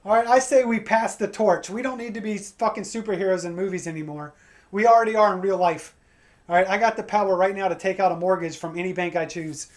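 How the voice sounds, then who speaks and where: A man doing a stand-up comedy set, crude and energetic, breaking into acted-out voices for his punchlines. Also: sits high, quick pace. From Pacific Northwest of the USA. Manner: crude, energetic joke delivery with acted-out quotes.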